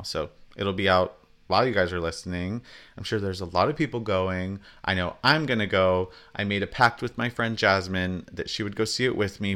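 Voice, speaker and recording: A man co-hosting a pop-culture podcast in casual chat, laughing often and talking in quick asides. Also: sits low, pushed and bright, smooth. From Southern California. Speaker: podcast co-host.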